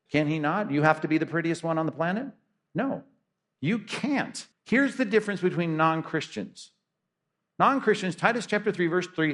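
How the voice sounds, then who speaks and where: A man preaching a sermon as pastor, emphatic and full of rhetorical questions. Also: a little high.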